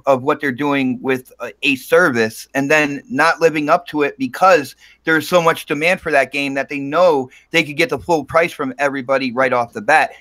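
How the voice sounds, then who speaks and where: A man's voice: on the high side, bright, forceful tone. A man co-hosting a casual gaming podcast, arguing his point with frequent restarts. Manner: argumentative, restarts often. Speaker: podcast co-host.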